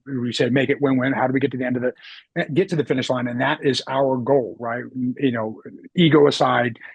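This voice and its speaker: A man's voice: medium pitch, fairly even intonation, fairly quick, vocal fry, slightly rough, no echo. A man hosting a casual interview, asking questions with enthusiasm and encouraging his guest. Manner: enthusiastic, encouraging, lots of mm-hmms. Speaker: podcast host, realtor.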